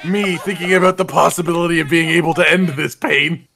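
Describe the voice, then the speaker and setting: A man's voice: fairly high pitch, steady tone, fairly quick, creaky, crowd noise. A man making dry, sarcastic remarks while gaming with friends in casual banter. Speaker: gaming channel co-host. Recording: loud background noise.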